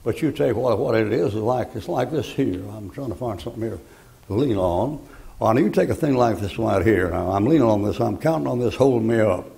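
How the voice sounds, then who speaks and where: A man's voice: fairly low pitch, animated, brisk, gravelly, dark tone. An older man preaching a folksy, joking sermon, rambling through homespun stories.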